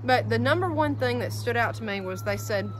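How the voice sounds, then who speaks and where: A woman's voice: on the high side, lively intonation, brisk, background noise. Emphatic woman chatting outdoors. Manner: emphatic, repeats words for stress. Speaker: homestead vlogger. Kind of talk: casual outdoor vlog talk. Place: outdoors by a garden with chickens. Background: chickens and roosters.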